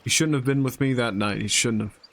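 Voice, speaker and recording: A man's voice: medium pitch, brisk, lightly acted. A man voicing a grieving, stubborn old male villager from a narrative game, reading the lines aloud in a plain voice.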